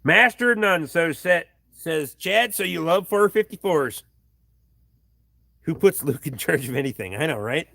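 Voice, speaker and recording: Gravelly, swearing man chatting on a livestream. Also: on the high side, lively intonation, measured pace, bright, forceful tone, no echo, studio quality. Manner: blunt, swears freely, reads viewer comments aloud. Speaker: livestream host reading chat. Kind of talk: casual profane livestream chat. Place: home workshop. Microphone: camera on tripod.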